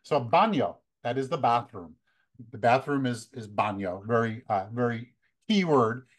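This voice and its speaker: An American man in his fifties, a photography workshop leader, giving relaxed, conversational travel tips with many fillers. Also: mid-range voice, unhurried. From United States. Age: 50s. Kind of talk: casual talk, practical travel tips.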